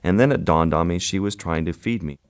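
A man with a very low voice tells his story as an interview guest. He recounts the moment in vivid detail, at a measured pace. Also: slight background noise. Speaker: guest wildlife photographer.

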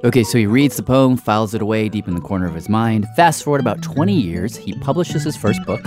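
A man's voice: fairly low pitch, expressive, fast, over music. A man hosting and narrating a story in a loose, conversational way. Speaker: host and narrator.

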